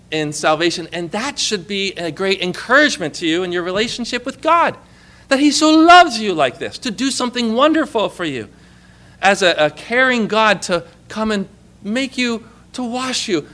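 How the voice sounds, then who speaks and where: A man preaching a conversational sermon, asking his listeners questions and pressing his points with animated emphasis. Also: high voice, normal speed.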